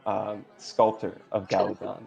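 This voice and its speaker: Male game master, low voice, halting narration with fillers, dull lo-fi stream audio with faint music behind. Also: flat delivery, vocal fry, darkish tone, slightly rough. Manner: hesitant, many fillers.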